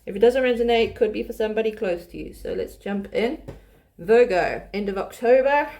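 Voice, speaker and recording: A woman's voice: a little high, moderate pace, a little mellow. Chatty woman giving a tarot reading. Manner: chatty, restarts often, laughs while reading. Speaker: tarot reader. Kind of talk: casual tarot reading to camera.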